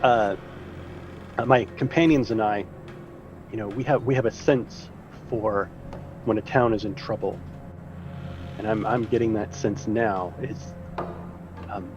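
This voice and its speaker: A man's voice: fairly low pitch, fairly even intonation, a little slow, pauses often, over music. Earnest man role-playing, lo-fi mic. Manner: earnest, stumbling over words, gentle. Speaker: player. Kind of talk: in-character tabletop role-play. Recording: dull lo-fi mic.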